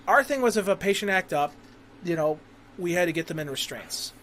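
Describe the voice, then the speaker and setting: A man's voice: high voice, expressive, a little fast, fairly bright tone, slight background noise. A man hosting a casual podcast, telling a crude, rambling, profanity-heavy story. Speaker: podcast host.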